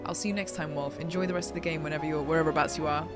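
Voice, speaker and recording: A woman's voice: deep voice, fairly even intonation, very fast. A woman streamer playing a video game, talking chattily and playfully to her viewers. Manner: chatty, playful, talks to chat. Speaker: gaming streamer. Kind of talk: let's play commentary. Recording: voice over game music. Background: game music.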